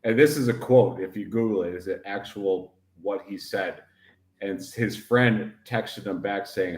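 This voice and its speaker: A man's voice: on the low side, unhurried, a little mellow, roomy sound. A man co-hosting a casual livestream chat, rambling and emphatic, often breaking into laughter. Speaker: podcast co-host.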